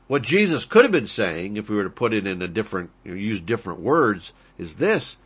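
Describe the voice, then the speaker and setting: A man's voice: on the low side, fairly bright tone, breathy edge. A man preaching a sermon, explaining Bible verses and Greek words with rising emphasis on key lines. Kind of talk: sermon, expository Bible teaching.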